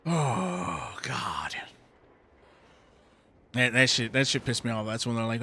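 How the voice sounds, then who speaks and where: A man's voice: medium pitch, animated, measured pace, pauses often, pushed and bright. A man streaming a game, ranting heatedly with lots of swearing. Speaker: gaming streamer. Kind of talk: ranting commentary while playing a game.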